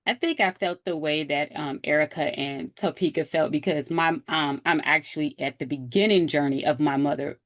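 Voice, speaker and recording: A woman in a casual book club discussion, sharing personal experience openly and retelling moments in a lively way. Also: low-pitched, moderate pace, few pauses, no echo, clean studio sound.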